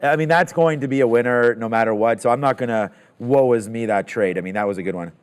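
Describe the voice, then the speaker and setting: A man hosting a live trading show, calling trades and thinking aloud with quick excitement. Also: medium pitch, smooth.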